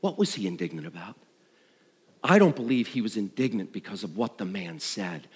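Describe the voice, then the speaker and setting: A middle-aged man preaching a sermon, swinging between loud and hushed. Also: fairly low pitch, normal speed, breathy edge. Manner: animated, dramatic shifts between loud and hushed. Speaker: pastor. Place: church sanctuary. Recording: long reverb of a large hall.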